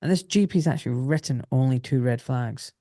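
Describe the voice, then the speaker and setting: A middle-aged British man telling stories on a podcast, lively and loose, swearing as he goes and slipping into the voices of people he quotes. His voice is mellow and warm, and it sounds close and dry. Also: medium pitch, fairly quick, no room sound. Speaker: podcast guest, former doctor. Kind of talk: casual podcast storytelling.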